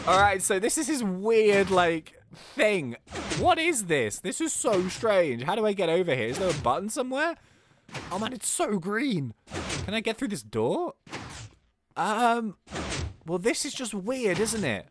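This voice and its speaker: A woman giving let's play commentary, excitable, thinking aloud and singing little jingles. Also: mid-range voice, measured pace, slight background noise. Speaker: gaming YouTuber.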